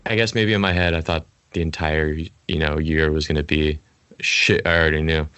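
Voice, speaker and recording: A man's voice: extremely low pitch, steady tone, pushed and bright, clean tone. A young man in his twenties hosting a podcast over a video call, chatting casually, teasing and joking. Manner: joking, teasing, quick to laugh. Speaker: podcast host. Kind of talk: casual chat.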